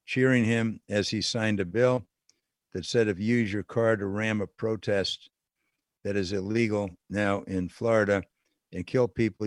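A man's voice: fairly low pitch, dry recording, studio quality. A man hosting a political call-in radio show, speaking with indignant disbelief and laughing at what he reports. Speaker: radio talk show host. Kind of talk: political talk radio monologue. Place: radio studio. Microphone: studio microphone.

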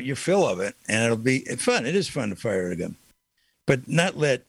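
A man's voice: mid-range voice, no echo. Emphatic male radio talk host, dry studio sound. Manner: emphatic, repeats key phrases, folksy.

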